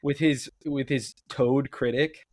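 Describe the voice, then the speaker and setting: An excited man co-hosting a book podcast, chatting casually and laughing often. His voice is mid-pitched and sounds dry and close, with no room echo. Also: slow. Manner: enthusiastic, laughs often, reads quotes aloud. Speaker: podcast co-host.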